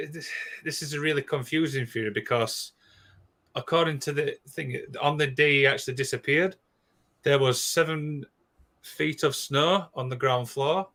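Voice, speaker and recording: A man, co-hosting a casual podcast and recounting a strange disappearance, rushing through with frequent restarts. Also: mid-range voice. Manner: excitable, rushed, with many restarts and "obviously". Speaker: podcast co-host. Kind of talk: casual storytelling chat.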